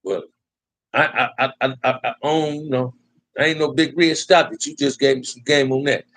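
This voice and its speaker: A man's voice: mid-range voice, fairly even intonation, moderate pace, fairly bright tone, no room sound, low-quality recording. Laid-back man chatting on a live stream. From Compton, California. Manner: laid-back, repetitive slang-heavy talk, ends phrases with "man". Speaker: livestream host. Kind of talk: casual live-stream chat reading viewer comments.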